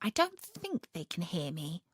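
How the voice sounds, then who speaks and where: Woman doing young alice, gentle and hushed, curious little girl in a storybook, lively lilt. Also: a little high, takes it slowly, no echo, clean studio sound, heavily acted. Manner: gentle, often hushed and whispery.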